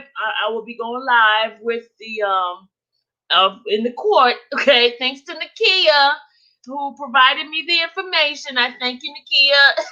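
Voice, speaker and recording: A high, bright-voiced woman chats with her livestream audience, giggling constantly and teasing viewers as she talks. Her voice comes through a slightly dull, muffled livestream recording. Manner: giggly, keeps laughing while talking to the chat; chatty and teasing. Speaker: livestream host. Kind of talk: casual livestream chat.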